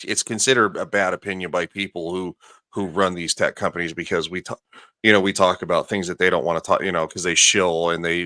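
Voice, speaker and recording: Low-voiced guy ranting on a podcast, bright tone, dry mic. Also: dry recording. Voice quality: rambling, ranting. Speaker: podcast host. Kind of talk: casual podcast chat.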